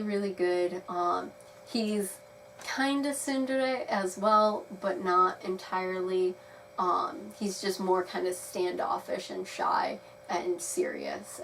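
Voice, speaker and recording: A young woman giving a chatty, rambling video review of a game, laughing now and then. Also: mid-range voice. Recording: slightly distant mic with faint noise.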